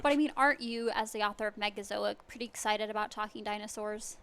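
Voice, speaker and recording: A woman co-hosting a podcast, chatting candidly with quick reactions and easy laughter. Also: medium pitch, a bit bright, clear, resonant tone. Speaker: guest co-host. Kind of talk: casual chat.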